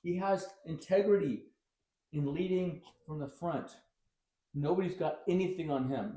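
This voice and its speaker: A man's voice: on the high side, unhurried, warm tone, reverberant, rough recording. A male pastor preaching a sermon in a conversational style, with wry asides and sudden bursts of emphasis.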